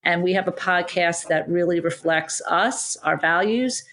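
Woman, podcast co-host, slightly low pitch, earnest, reflective, rambling casual chat. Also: measured pace, fairly bright tone. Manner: earnest, reflective, talks in long run-on thoughts.

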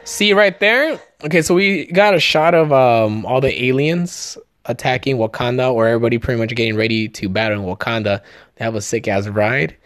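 A podcast host with a mid-range voice talks fairly quickly in a studio-quality recording with no room sound. He breaks down a movie trailer casually, excited, jokey and profane, often tripping over his words.

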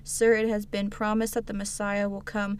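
A woman's voice: medium pitch, completely flat delivery, normal speed, clear, resonant tone. Woman co-host reading a devotional. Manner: stumbles over words, laughs at own slips. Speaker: podcast co-host.

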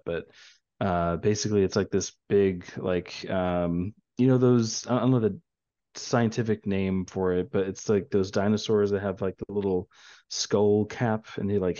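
A young father chats in a low voice, wandering through his story with plenty of fillers. The sound is dry and a bit muffled. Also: dark tone, no echo. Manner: rambling storyteller with many fillers. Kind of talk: casual chat.

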